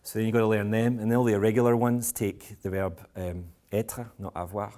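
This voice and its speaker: A man's voice: on the low side, steady tone, a little fast, mellow. A Scottish man giving a talk to school parents in a playful, provocative, self-mocking way. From Scotland. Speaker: education speaker. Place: school event with live audience.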